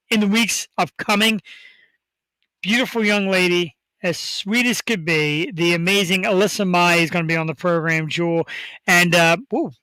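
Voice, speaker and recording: A male talk show host hyping up upcoming guests in a rambling, excitable way. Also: sits high, no room sound, rough recording. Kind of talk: casual talk show chat.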